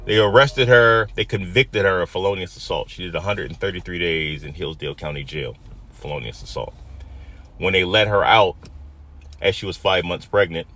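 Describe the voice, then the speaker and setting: A man from Michigan in his fifties tells a personal story aloud in a plain-spoken, emphatic way that swings from quiet to loud. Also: low voice, moderate pace. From Michigan, USA.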